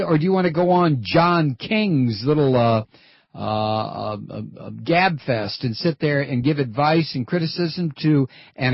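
A man giving an angry, profane on-air rant as a political commentator, taunting and rising to shouts. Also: fairly high pitch, unhurried, gravelly, dry recording. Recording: dull dry broadcast audio.

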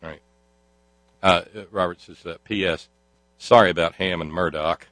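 A man's voice: low voice, moderate pace, pauses often, fairly bright tone, no room sound. A man hosting a talk show, delivering a sardonic monologue full of fillers and restarts. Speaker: host.

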